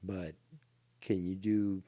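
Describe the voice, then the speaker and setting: A man's voice: low voice, level tone, slow, warm tone, no room sound. A man from Ontario, hosting a ranting commentary show with a mocking, profane, insulting manner. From Ontario, Canada.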